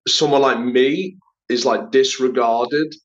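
Here an actor and writer from Liverpool, England, guesting on a casual interview, spins stories with lots of fillers and acted-out quoted voices. He speaks slowly in a mid-range, steady voice with a breathy edge. The audio is slightly dull and lo-fi.

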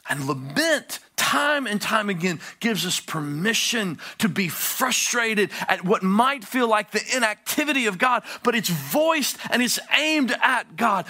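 A male pastor preaching a sermon, swinging from hushed low phrases to loud, high-pitched pleading. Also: animated, a little slow, hardly any pauses.

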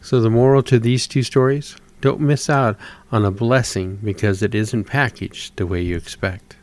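Low-voiced man reading scripture. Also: darkish tone. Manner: measured, devotional reading with pauses; acts out voices in told stories. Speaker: preacher.

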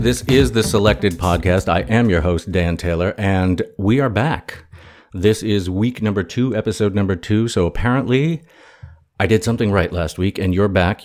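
A man hosting a podcast in a casual, jokey, self-mocking way while interviewing a guest. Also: on the low side. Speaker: podcast host. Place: home in a city.

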